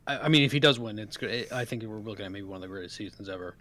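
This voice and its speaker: A man's voice: fairly low pitch, rapid-fire, sharp tone. A man co-hosting a casual recap discussion, arguing emphatically and asking rhetorical questions. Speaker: podcast co-host.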